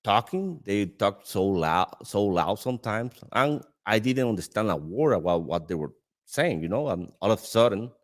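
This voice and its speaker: A man from the Dominican Republic with a Dominican Spanish accent, a native Spanish speaker in the cigar trade. He tells an anecdote in casual conversation in a lively way, laughing often and restarting his sentences. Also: lowish voice, normal speed. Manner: animated storyteller with frequent laughter and restarts. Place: cigar lounge.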